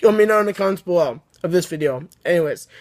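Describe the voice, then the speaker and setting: A man's voice: high voice, lively intonation, fast, a little mellow. A man hosting his own video, rambling casually through a fan story with many restarts. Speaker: video host.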